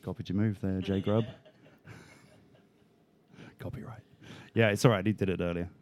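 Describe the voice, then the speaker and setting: A man chatting casually as a vlogger, teasing and joking in a relaxed way. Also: sits low, fast. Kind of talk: casual chat.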